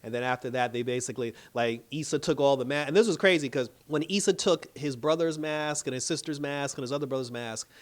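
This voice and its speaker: A man's voice: mid-range voice, quick pace, few pauses. Reviewer type, man with a mid-range voice, loose and slangy, recapping an episode with lots of filler words. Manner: loose, chatty retelling full of "like" and "you know"; slangy and playful, laughing often. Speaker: TV show reviewer.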